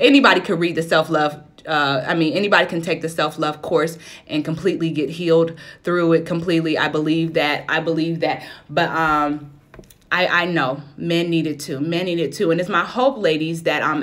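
Woman in her 30s doing a live stream, bright lowish voice, preachy and encouraging, shouts out viewers. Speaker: self-love coach and livestream host.

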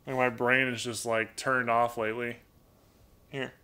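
A man with a raspy voice hosting a casual live Q&A stream from home, in a loose, rambling way, reading chat messages aloud and talking to his pet birds. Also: medium pitch, flat delivery, unhurried, sharp tone.

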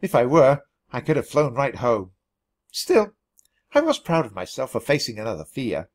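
A man reading a children's storybook aloud for learners, in an expressive, animated way. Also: mid-range voice, moderate pace. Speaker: storybook reader.

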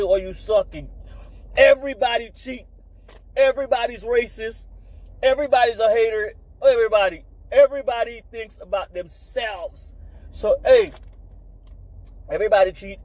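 A man doing a loud, boastful, profane comedic rant into a phone camera from inside a car. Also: high voice. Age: adult. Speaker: comedic vlogger.

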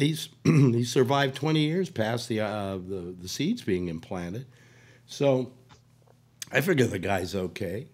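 Hoarse older man rambling with a cold. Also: lowish voice, expressive, unhurried, darkish tone. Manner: rambling, full of restarts and "you know". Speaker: radio talk host. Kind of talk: rambling casual talk.

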